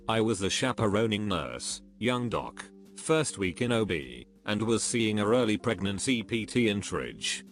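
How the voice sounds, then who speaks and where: Guy with a lowish voice reading stories out, even scripted narration, quiet music behind. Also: unhurried, few pauses. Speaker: narrator reading online posts. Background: faint background music.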